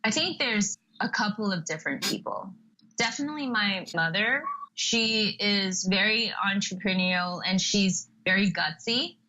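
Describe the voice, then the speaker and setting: Bright-voiced woman telling lively stories. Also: medium pitch, moderate pace, lo-fi sound, a little hiss or hum. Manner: lively storyteller, acts out quotes with laughs. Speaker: podcast guest, entrepreneur. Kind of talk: casual interview chat.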